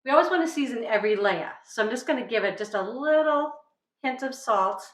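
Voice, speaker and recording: Speaking at a fairly high pitch, fairly quick and animated, a middle-aged woman from New England hosts a relaxed cooking show in her home kitchen. She stays chatty and upbeat, regularly checking in with "right?". The audio is poor, with a roomy sound.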